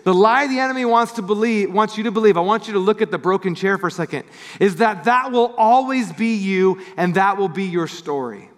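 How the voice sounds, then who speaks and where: A man's voice: high voice, fairly quick. A man preaching a sermon as pastor, telling a story and acting out the people in it. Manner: storytelling, animated voices for quoted people. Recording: church hall with long reverb.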